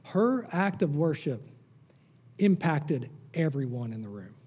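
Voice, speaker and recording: A male pastor delivers a sermon in a fairly high, mellow voice with a husky edge. He leans on rhetorical questions, pushing some lines up emphatically and letting others sink low and quiet. The tone stays warm rather than bright. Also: big pitch swings, measured pace. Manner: rhetorical questions, rising to emphatic peaks then dropping low.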